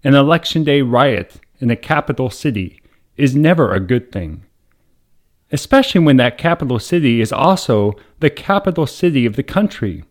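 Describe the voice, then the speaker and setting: A man, a priest hosting the show, reading a wholesome story aloud in a measured, dramatic storytelling voice. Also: medium pitch, expressive. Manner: measured, dramatic storytelling with raised voice for quoted shouts. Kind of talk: scripted story narration.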